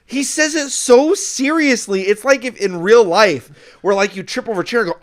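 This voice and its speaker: Animated man reviewing a film. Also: very high voice, normal speed. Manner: animated, acts out scenes in exaggerated voices. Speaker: podcast co-host reviewing films. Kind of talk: casual film review chat.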